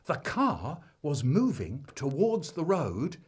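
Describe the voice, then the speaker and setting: Animated husky male storyteller. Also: fairly high pitch, slow pace. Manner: animated, acting out children's shouts. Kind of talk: comic storytelling, remixed.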